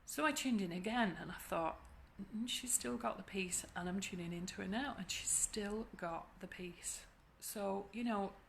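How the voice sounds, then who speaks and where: A woman therapist giving a soft, reflective spiritual talk, speaking slowly and gently. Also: mid-range voice, gravelly, slight background noise.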